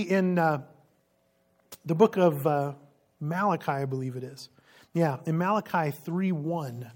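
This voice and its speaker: A preacher giving an expository sermon in a lively way, asking the listeners questions and laughing now and then. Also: mid-range voice, husky.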